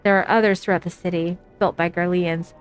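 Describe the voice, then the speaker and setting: A woman doing a stern caretaker who talks quickly and warns plainly, game read-through. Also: lowish voice, steady tone, smooth, soft background music, natural voice.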